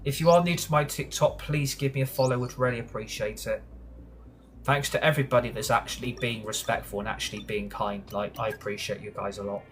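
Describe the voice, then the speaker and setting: A man's voice: medium pitch, steady tone, fairly quick, soft background music. A young British man streaming a racing game, chatting casually, grumbling and swearing when frustrated. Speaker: gaming streamer. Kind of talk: live gameplay commentary.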